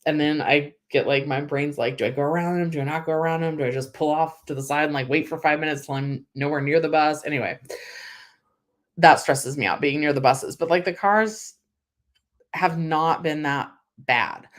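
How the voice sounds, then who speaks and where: Chatty young woman, slightly low voice. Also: normal speed. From California. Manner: chatty, emotional, many "like" and "um" fillers. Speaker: livestream host answering viewer comments. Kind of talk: casual livestream chat.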